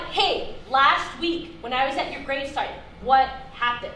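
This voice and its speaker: A woman performer answering audience questions after her show, telling lively stories and acting out her family's lines. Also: high voice, a little slow. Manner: animated, acts out family quotes, laughs often. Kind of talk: storytelling in a post-show talkback. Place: theater, live audience. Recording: echoey hall, faint noise.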